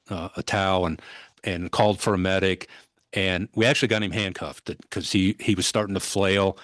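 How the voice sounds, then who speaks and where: A man in his sixties, a former police officer, vividly recounting a call as a podcast guest, with many halting restarts. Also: sits low, fairly bright tone, dry recording. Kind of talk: conversational storytelling.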